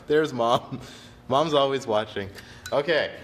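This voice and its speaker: A man's voice: mid-range voice, slow, fairly bright tone, echoey room. A man teaching on a casual livestream, chatty and laid-back, laughing often and apologizing freely. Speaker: percussion instructor on a livestream.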